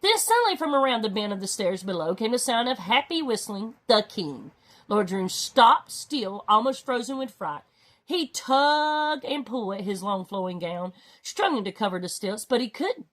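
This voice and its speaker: A woman reading a children's storybook aloud with expressive, dramatic delivery. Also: moderate pace. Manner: expressive, swinging pitch for drama. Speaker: storybook reader. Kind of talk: read-aloud storybook narration.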